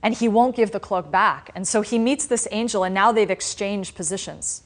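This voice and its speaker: A woman spiritual teacher giving a dharma class, retelling a story in a conversational, animated way with frequent restarts. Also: mid-range voice, moderate pace. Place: class in a meditation center.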